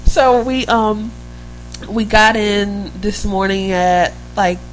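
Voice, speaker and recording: A woman's voice: medium pitch, level tone, slow, soft background music, low-quality recording. A woman co-hosting a podcast in casual, rambling chat, laughing easily. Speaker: podcast co-host.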